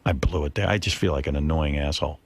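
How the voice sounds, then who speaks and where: A middle-aged man hosting a radio show, telling a self-deprecating, profane story in casual chat with lively quoted voices. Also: a bass voice, fast talker. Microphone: studio broadcast mic.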